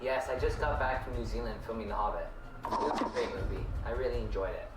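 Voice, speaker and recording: A man's voice: mid-range voice, quick pace, very noisy, lightly acted. A man playing an exasperated actor. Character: exasperated male actor mistaken for a hobbit. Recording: roomy, distant, loud music behind.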